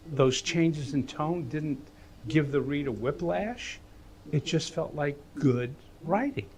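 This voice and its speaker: A man teaching writing in a casual, animated way, acting out voices as he explains. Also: mid-range voice. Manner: animated, acts out voices and hums melodies.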